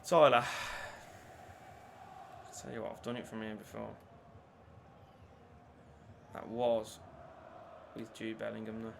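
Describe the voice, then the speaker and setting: A man commentating on his own football video game play, shifting between low muttering and shouted excitement. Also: slow, gravelly, long pauses, background noise. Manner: lively, swings from low mutters to shouted celebrations. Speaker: gaming YouTuber.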